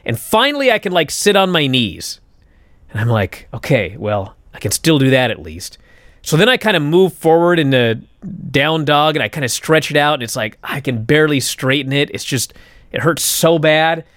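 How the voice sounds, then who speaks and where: A young adult man, co-host of a podcast, telling a story in casual chat, animated and swearing as he acts out his own thoughts. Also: a little high, no echo, studio quality.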